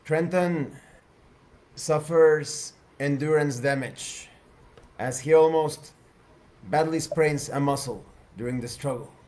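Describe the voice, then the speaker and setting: A man narrating a tabletop science fiction game as game master, calm and measured. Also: on the high side.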